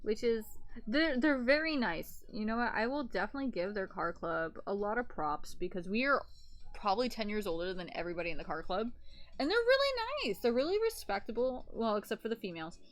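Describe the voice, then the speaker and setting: A woman's voice: medium pitch, big pitch swings, brisk. Blunt, foul-mouthed woman streamer. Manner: blunt, profane, gossipy storytelling. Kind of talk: casual chat while sewing a plushie.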